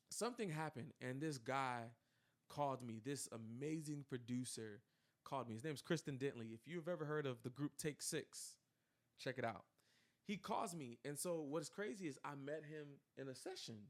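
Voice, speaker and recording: A young man telling a personal story in casual chat, animated and full of fillers, acting out quoted dialogue. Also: on the high side, normal speed. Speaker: podcast co-host telling his story.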